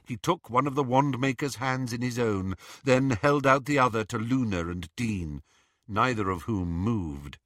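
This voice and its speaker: A man narrating an audiobook in an expressive, measured way. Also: on the low side, no echo, studio quality.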